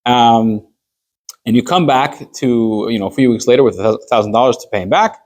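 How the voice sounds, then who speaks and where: A male rabbi gives an easygoing class in a mid-range voice, neither high nor low. He spins everyday hypothetical stories, slipping into quoted dialogue to act out little scenes, with relaxed fillers along the way. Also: moderate pace. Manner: conversational, walks through hypothetical stories with fillers. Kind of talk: informal Jewish law class.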